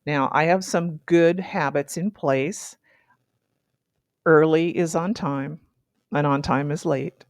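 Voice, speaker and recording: An older retired woman from the congregation sharing a measured, wry reflection. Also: low-pitched, steady tone, no echo.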